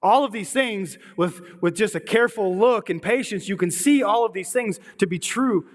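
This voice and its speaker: High-voiced man preaching in a reverberant hall. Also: normal speed. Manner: earnest, repeats words while building a point. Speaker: pastor. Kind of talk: sermon.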